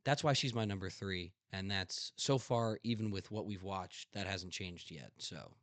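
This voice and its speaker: A man's voice: low-pitched, normal speed, fairly bright tone, no room sound. A young man hosting a podcast in casual chat, telling a story with emphatic passion and the odd swear. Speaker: podcast host.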